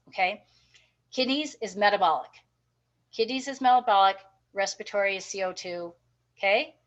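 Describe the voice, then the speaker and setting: A woman's voice: mid-range voice, fairly bright tone. Woman nursing teacher giving a lecture, keeps asking okay? right?, kinda dull lo-fi sound. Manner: encouraging, checks in with frequent "okay?" and "right?". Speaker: nursing instructor. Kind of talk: recorded class lecture.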